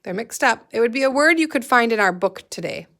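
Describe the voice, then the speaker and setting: A woman's voice: a little high, animated, fairly quick, fairly bright tone. A woman teacher giving a patient, encouraging reading lesson to young children.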